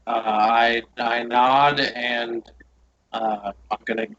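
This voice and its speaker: A man's voice: mid-range voice, steady tone, slow, a bit bright, highs cut off. A man playing in a tabletop game, speaking hesitantly and declaring his character's actions. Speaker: player.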